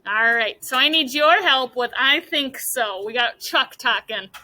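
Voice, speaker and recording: A young woman teacher with a high, bright voice runs a classroom mini lesson. She guides students patiently, step by step, calling on them with questions. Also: lively intonation, unhurried, poor audio.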